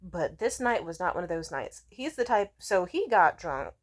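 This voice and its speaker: A woman's voice: on the low side, very animated, moderate pace. A young adult woman vlogger in a casual monologue, rambling and profane as she tells stories with animation.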